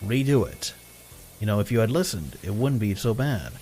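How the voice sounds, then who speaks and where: Man, live streamer, casual storytelling, quotes both sides, swears, lively pitch, faint background music. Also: moderate pace. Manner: animated retelling with quoted dialogue, swearing, chuckles. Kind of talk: casual storytelling while gaming.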